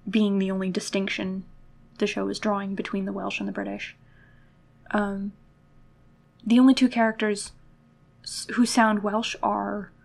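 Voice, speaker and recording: A woman's voice: mid-range voice, creaky. A woman co-hosting a podcast in casual chat, giving critical opinions and laughing often. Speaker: podcast co-host.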